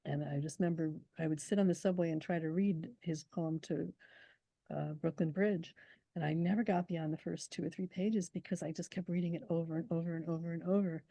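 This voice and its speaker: A woman poet speaks in a reflective interview, her voice low and gravelly with a mellow warmth. She talks thoughtfully and slows down to savor recited verse. The sound is dry and close. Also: no room sound, low-quality recording. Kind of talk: conversational interview with poetry recitation.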